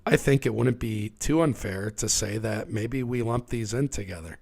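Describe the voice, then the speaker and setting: A man with a raspy, hoarse voice from being sick, hosting a casual livestream and talking through market charts. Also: on the low side, moderate pace, a little mellow. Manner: conversational, talks through charts. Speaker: livestream host.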